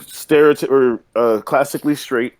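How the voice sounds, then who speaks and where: A man's voice: medium pitch, fairly even intonation, moderate pace, darkish tone, dry recording. A man co-hosting a casual group discussion, rambling and playful as he argues by example. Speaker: podcast co-host.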